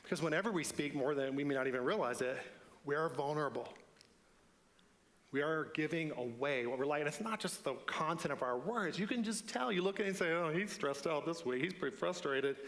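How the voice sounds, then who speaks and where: A man's voice: fairly high pitch, brisk, fairly bright tone. A man preaching a sermon in a church, earnest and building to emphatic repeated lines. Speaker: pastor. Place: church sanctuary. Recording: long church hall reverb.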